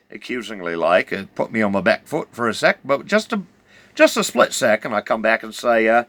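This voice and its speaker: A man's voice: on the low side, big pitch swings, moderate pace, a bit bright, dry recording. A middle-aged man telling a rambling comic yarn, stammering and full of hesitations. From New Zealand. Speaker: storyteller.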